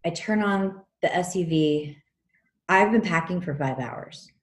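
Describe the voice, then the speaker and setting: A woman with a notably low, deep voice tells a story in a casual chat, animated and blunt, cursing without a second thought. Her voice rings in a roomy, echoey space. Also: measured pace, slight background noise. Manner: animated, frank, swears freely. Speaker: podcast co-host telling a personal story. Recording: roomy echo.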